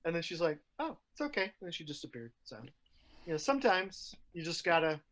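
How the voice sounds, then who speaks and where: A man's voice: a little high, a little fast. A podcast co-host telling a workplace story in loose, casual chat. He swears often and acts out the people in his stories. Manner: profane, animated storyteller.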